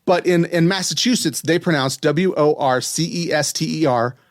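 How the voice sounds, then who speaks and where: A man's voice: on the high side, moderate pace, no echo, clean studio sound. A man from West Virginia hosting a podcast, chatting casually and amusedly, spelling words out letter by letter. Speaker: podcast host. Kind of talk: casual chat.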